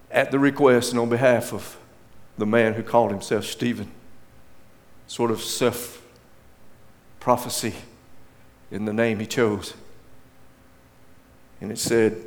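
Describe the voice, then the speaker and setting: Man preaching in an echoing hall. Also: high voice. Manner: slows and drops to a hush for emotional quotes. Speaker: pastor. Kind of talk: sermon.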